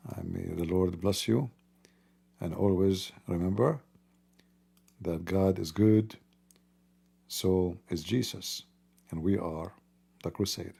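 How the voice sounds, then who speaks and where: Guy on a late night stream, dark husky voice, mocking and laughing a lot. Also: low-pitched, slow, long pauses. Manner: mocking, laughs often, broken grammar. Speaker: livestream host. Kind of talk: casual late-night livestream talk.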